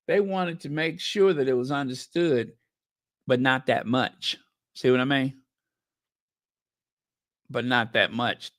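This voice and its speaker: In a clean studio recording with no echo, the host of a commentary channel delivers sarcastic gossip. He stretches out his words with sardonic emphasis while reading headlines and viewer comments. His mid-range voice is a bit bright, with a measured pace and frequent pauses.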